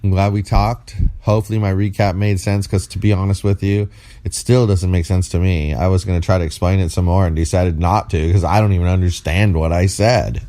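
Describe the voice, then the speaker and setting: A man's voice: sits low, steady tone, fairly quick, warm tone. A man co-hosting a podcast, talking in a rambling, playful, teasing way and sounding tired. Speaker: podcast co-host. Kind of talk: casual chat.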